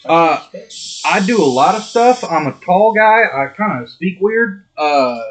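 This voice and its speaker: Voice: mid-range voice, animated, unhurried, low-quality recording. A player in a tabletop game, chatting casually and rambling with jokes.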